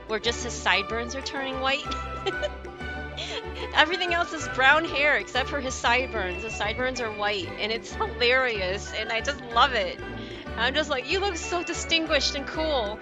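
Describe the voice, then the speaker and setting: A chatty woman streamer with a somewhat high voice rambles through stories and viewer messages, laughing often. Game music plays clearly behind her. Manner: chatty, giggly, tells anecdotes. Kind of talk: casual chat with stream viewers.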